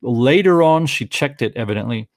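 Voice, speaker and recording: A man's voice: mid-range voice, lively intonation, normal speed, dry recording, studio quality. A middle-aged man rambling through casual commentary on photographs, searching for words and restarting often. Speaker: vlogger.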